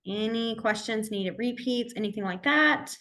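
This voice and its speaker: A woman's voice: on the high side, normal speed, sharp tone. A woman teaching a sign language class over a video call, patiently walking through signs and often checking in with "okay?". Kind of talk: online class instruction.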